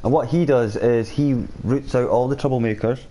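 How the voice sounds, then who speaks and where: Chatty male game streamer, mellow voice. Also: medium pitch, moderate pace, a little hiss or hum. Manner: chatty, reads and answers viewer chat while playing. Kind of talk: casual live-stream chat over gameplay.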